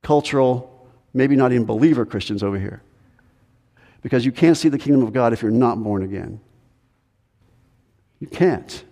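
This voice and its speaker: A man's voice: moderate pace, long pauses, warm tone. Earnest male pastor in a reverberant hall. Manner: earnest, rhetorical questions, pitch climbs when voicing reluctant believers. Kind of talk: sermon. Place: church sanctuary.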